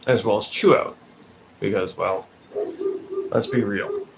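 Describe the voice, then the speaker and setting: A man's voice: on the low side, slow pace, gravelly. A man giving blunt, profane commentary in a casual vlog, calling people out directly. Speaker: vlogger. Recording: noticeable background noise.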